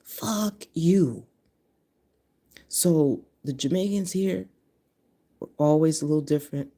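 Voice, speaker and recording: A woman's voice: low-pitched, moderate pace, dark tone. A woman in her fifties from Connecticut, talking bluntly and profanely in a casual monologue to camera. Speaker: vlogger.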